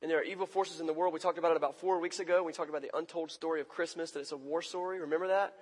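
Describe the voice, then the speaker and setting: A man pastor giving a conversational sermon, acting out quoted lines with sudden shifts between loud and soft. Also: on the high side, steady tone, rapid-fire, slightly rough. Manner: conversational preaching, acts out quoted lines with big swings in loudness. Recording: long reverb of a church hall.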